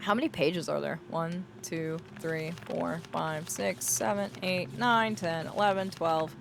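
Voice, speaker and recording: A woman streaming a game, chatting playfully with her viewers and reading in-game journals aloud in a soft storytelling voice. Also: on the low side, unhurried, creaky, few pauses, a little hiss or hum. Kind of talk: gameplay commentary with a read-aloud journal.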